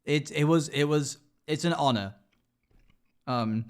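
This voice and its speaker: A man's voice: a little high, slow pace, clear, resonant tone. A man streaming live as a dungeon master, chatting emotionally and rambling as he reacts to chat. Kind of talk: casual livestream chat.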